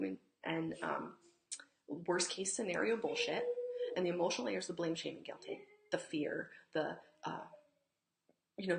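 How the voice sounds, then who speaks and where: A middle-aged woman, a healing teacher, gives casual spoken teaching at a table at home, frank and emphatic, swearing freely and sometimes dropping to a whisper. Her voice is lowish and creaky. The room is echoey, with faint noise.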